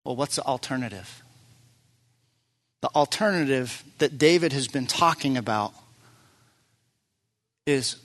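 A man preaching a sermon to his church as its pastor, earnest and emphatic, rising to loud peaks and dropping to quiet, prayerful moments. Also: medium pitch.

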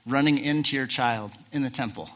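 Bright-voiced male pastor preaching animatedly. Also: medium pitch, fairly quick. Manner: animated, asks rhetorical questions, acts out quoted lines. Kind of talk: sermon.

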